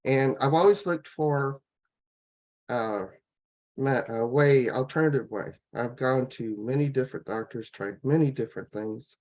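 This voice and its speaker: A woman on a laptop video call, telling her personal health story in a rambling, halting way, full of fillers and restarts. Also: rumbling low, darkish tone. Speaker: guest sharing a health testimonial. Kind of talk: casual personal testimony.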